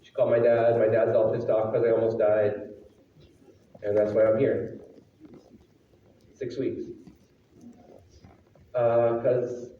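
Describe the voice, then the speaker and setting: A man performing a dramatic monologue who mimics other people with sudden high-pitched voices and later turns quiet and halting. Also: level tone, dull audio, slight background noise. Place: large school hall or auditorium. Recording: echoey hall recorded from far off.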